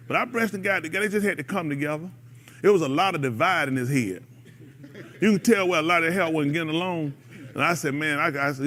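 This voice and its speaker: A man with a fairly high voice speaks fast while hosting a radio show, preaching casually to a group. He is animated and exhorting, breaking into laughter and mimicry.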